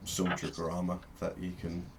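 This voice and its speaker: A man narrating as game master of a tabletop game, with halting delivery and plenty of fillers. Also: low voice, completely flat delivery, very noisy. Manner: halting, with frequent fillers and restarts.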